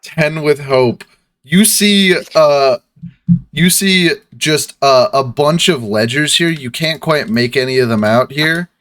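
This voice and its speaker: A man narrating as game master of a tabletop game, in loose, relaxed speech full of fillers. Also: a little high, slow, dry recording.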